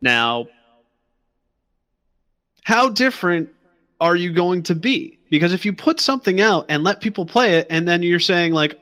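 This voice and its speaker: A man with a bright, somewhat high voice, chatting casually about games. He sounds easygoing and asks pointed questions. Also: animated, normal speed, pauses often.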